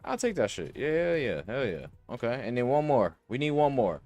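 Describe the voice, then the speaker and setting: A man's voice: medium pitch, very animated, moderate pace, darkish tone, dry recording. A young man hosting a podcast, casually thinking aloud about sports bets with slang and cursing. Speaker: podcast host. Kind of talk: casual sports betting talk. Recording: dry close mic, faint music.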